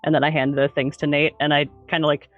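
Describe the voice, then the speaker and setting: A player describing their move over a headset in an online game, halting and hesitant. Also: mid-range voice, little pitch movement, narrow, tinny audio, soft background music. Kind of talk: tabletop game play. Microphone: headset on an online call.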